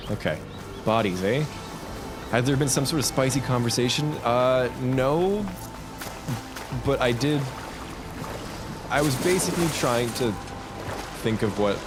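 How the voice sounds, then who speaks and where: A man streaming a game, thinking out loud and chatting to viewers in a loose, rambling way. His pitch swings about a lot as he talks. Game music plays clearly underneath his voice. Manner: rambling, lively, talks to himself and chat. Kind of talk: casual live-stream chat while gaming.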